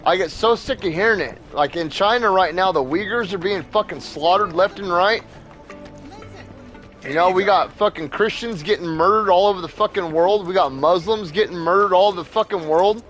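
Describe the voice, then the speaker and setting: A man's voice: high-pitched, normal speed, fairly bright tone, faint music behind. A young man and father hosting a gaming video, ranting in a heated, profane, blunt way. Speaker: gaming channel host. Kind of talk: ranting commentary over gameplay.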